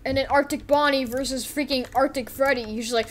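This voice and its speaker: A woman giving excited, giggly commentary on gameplay as host of her own video, breaking into silly character voices. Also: high-pitched, a little fast, a little hiss or hum.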